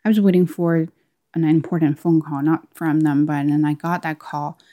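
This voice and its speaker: Low, mellow-voiced woman telling a story. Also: fairly even intonation. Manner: halting, restarts phrases often. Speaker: podcast host. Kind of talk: casual personal storytelling.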